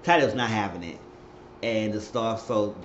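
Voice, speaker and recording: A man's voice: fairly low pitch, normal speed. A man giving a casual, slangy recap of a TV episode, retelling scenes with lots of exclamations. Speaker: TV show recapper. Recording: roomy, dull recording with faint hiss.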